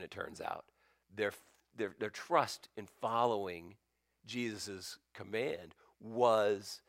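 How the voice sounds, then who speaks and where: Male pastor, low register, dry close-miked sermon; storytelling, with swings from loud bursts to near-whispers. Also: dry recording.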